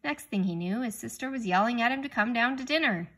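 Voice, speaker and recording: A woman reading a children's chapter book aloud, stopping now and then to ask young listeners gentle questions. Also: on the high side, animated, fast talker. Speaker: reader.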